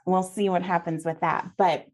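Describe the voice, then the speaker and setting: A woman's voice: lowish voice, steady tone, moderate pace, a little mellow. A woman guest on a podcast, chatting casually and telling at length about the items she has found to resell. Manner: chatty, telling her own finds at length. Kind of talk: casual interview chat.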